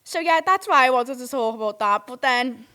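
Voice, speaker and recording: A woman's voice: high-pitched, lively intonation, moderate pace, pushed and bright. A young woman with a Northwest English accent, hosting a podcast and telling stories in a casual, candid way. She swears freely and keeps checking in with her listeners. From near Liverpool, England. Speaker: podcast host. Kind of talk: casual storytime chat.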